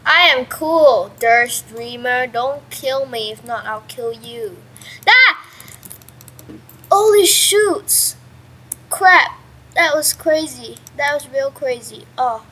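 A young woman talking through her own game in a high, bright voice. She speaks at an unhurried pace, rambling between sudden excited yelps and mild curses. It is casual let's-play chatter from home. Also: breathy edge, rough recording. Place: at home with a pet dog nearby.

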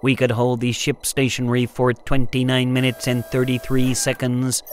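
A man's voice: mid-range voice, monotone, normal speed, slight background noise, close to an everyday voice. A man voicing Zeta, a small rescue-ship robot who reports facts in a cool, precise way.

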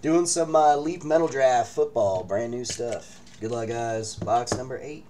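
A man hosting a live card-break stream, his voice bouncing up and down with excitement. He jokes and chats with viewers from a room indoors, with faint room noise behind him. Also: medium pitch, a little slow, few pauses. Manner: hyped, joking banter with viewers.

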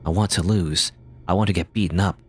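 A man hosting a let's play, reading game dialogue aloud and commenting in a playful, animated way. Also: deep voice, brisk, slightly rough. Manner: animated, playful, voices characters.

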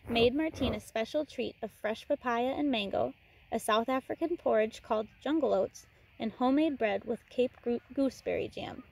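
A woman teacher reads a novel aloud in a relaxed way. Her voice is mellow and sits a little high. Now and then she breaks off for chatty asides to her listeners. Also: vocal fry.

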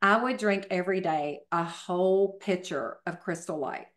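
A woman's voice: fairly low pitch, normal speed, a bit bright. A middle-aged woman, a fitness professional and podcast guest, telling her story in a chatty way with many fillers. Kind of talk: casual interview storytelling.

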